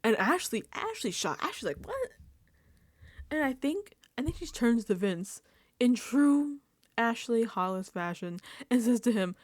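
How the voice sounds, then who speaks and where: Speaking at a moderate pace in a slightly high voice, a woman animatedly recaps reality TV into a desk mic, performing her reactions and quotes. The sound is dry and clean, like a studio.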